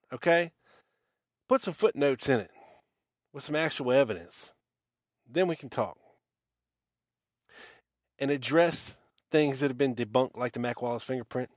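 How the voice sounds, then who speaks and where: A man's voice: medium pitch, no echo, clean studio sound. A man hosting a podcast, delivering a blunt, scornful rant full of profanity. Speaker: podcast host. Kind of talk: ranting monologue.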